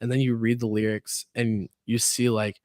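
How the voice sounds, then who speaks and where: A man's voice: medium pitch, little pitch movement, moderate pace, a little mellow, no room sound, clean studio sound. A young man hosting a podcast, talking in a laid-back, rambling way, full of fillers and swearing. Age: young adult. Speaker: podcast host. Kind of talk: casual chat.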